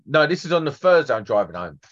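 A fast-talking electrician in his 40s, guesting on a trade podcast, shares blunt and sweary stories in casual chat. His voice is a little high and sing-song, heard through dull lo-fi podcast audio.

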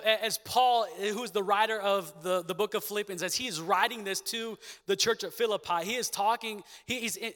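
Bright-voiced young male preacher. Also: high voice. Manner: preaching with call-and-response, repeated catchphrases. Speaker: pastor. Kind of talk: sermon. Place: church hall with a congregation. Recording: long echo of a big hall.

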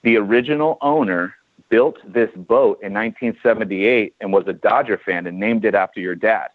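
A man's voice: lowish voice, normal speed, dry recording. A man in his forties from California, a chiropractor guest telling a story in a casual interview and acting out the dialogue. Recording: tinny phone-like dry line.

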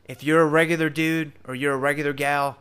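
A man's voice: fairly high pitch, fairly quick, clear, resonant tone. A man with a Southern US drawl hosting a podcast, talking earnestly and casually about faith straight to his listeners. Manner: earnest, animated, addresses listeners directly. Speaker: podcast host.

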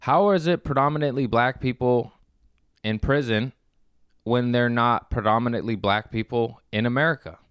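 A man's voice: medium pitch, moderate pace, a bit bright, clear, resonant tone, dry recording, studio quality. A man in his thirties telling a rambling, profane story in a casual chat, laughing often and restarting his sentences. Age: 30s. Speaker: podcast host. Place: Los Angeles.

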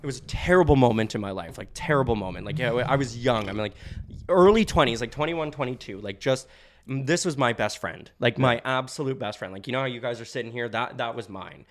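A young man, a podcast guest, telling stories in a casual, animated way and laughing often. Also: medium pitch, brisk. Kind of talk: casual storytelling.

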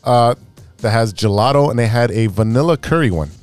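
A chatty, teasing man co-hosting a casual talk show. His voice is smooth and clear, with soft music behind him. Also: medium pitch, brisk. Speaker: co-host. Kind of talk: casual chat.

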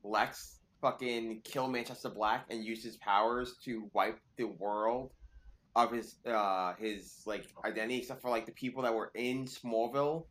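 Male podcast co-host, rambling, filler-heavy casual talker, mid pitch. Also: fairly even intonation, moderate pace, a bit bright. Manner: rambling, many fillers and restarts. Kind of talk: casual comic book chat.

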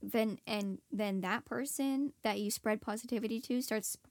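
A woman's voice: fairly high pitch, moderate pace, dry recording. Easygoing woman podcast co-host. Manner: easygoing, laughs often, agreeing fillers. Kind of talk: casual chat.

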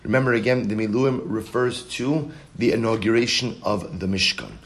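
A man's voice: on the low side, normal speed. A man teaching a Talmud class, reading the Aramaic text aloud and then explaining it in English with rhetorical questions.

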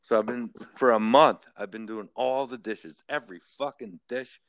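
A man ranting with loose, profane energy, stacking curse words and checking in with "right?" after each point. His voice is steady in pitch, and the recording is dry with almost no room sound. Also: normal speed, dry recording. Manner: animated, swears constantly, repeats "right?". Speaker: caller. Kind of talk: casual profane rant.

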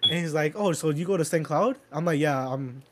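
Against a noisy background, a young adult man speaks briskly in a slightly high voice. He rambles through a casual story loaded with filler words and swearing, with chuckles mixed in.

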